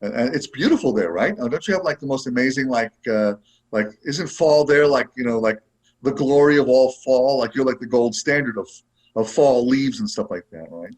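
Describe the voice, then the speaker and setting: A man's voice: medium pitch, lively intonation, moderate pace, darkish tone, rough recording. A man who is a guest actor in a casual interview, talking in a rambling way full of fillers. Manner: rambling, lots of "like" and "you know".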